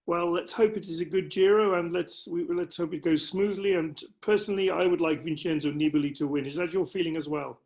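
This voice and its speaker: A man with a high voice interviews a guest on a podcast, posing his questions politely and at a measured pace. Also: steady tone, gravelly, darkish tone.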